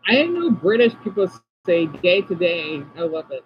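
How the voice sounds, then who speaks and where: A man from the United States talks with his livestream chat, calling out viewers by name and apologizing often. His voice sits high for a man. A faint background hum runs under the recording. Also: big pitch swings, normal speed, muffled recording. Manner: chatty, responds to viewers by name, apologetic asides. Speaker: livestream host reading chat.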